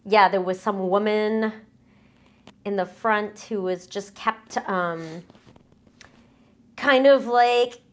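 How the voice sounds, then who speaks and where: A young woman singer being interviewed in a casual chat. She recalls stories hesitantly and laughs softly. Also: medium pitch, slow, long pauses. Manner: hesitant, many fillers and restarts, soft laughs.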